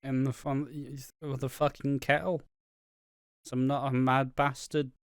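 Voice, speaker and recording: Smooth-voiced British young man. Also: medium pitch, normal speed, no echo, studio quality. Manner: rambling, heavy swearing, animated. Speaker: podcast co-host. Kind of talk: casual podcast chat.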